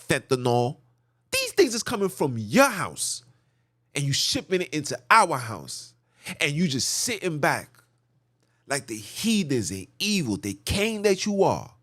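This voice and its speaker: A podcast host delivers a heated, preachy rant, hammering his points home with repeated lists. His voice sits at a medium pitch, and there is no echo in the recording.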